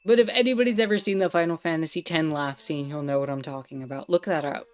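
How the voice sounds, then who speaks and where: Chatty woman streamer, low-ish voice. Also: quick pace. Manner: chatty, thinks aloud, laughs easily. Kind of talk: casual gameplay commentary.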